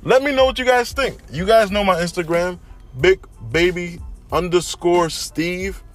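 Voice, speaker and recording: A young man hosting a casual solo podcast, telling stories in an animated way and often saying "you know what I'm saying". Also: high voice, unhurried, faint music behind. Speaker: podcast host.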